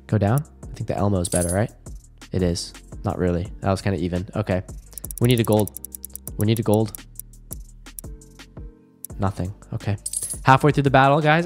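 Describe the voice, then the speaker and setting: Excitable swearing young man commentating. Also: medium pitch. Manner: excitable, heavy swearing, pleading and groaning at results. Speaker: online gambling video host. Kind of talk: live gambling commentary to viewers.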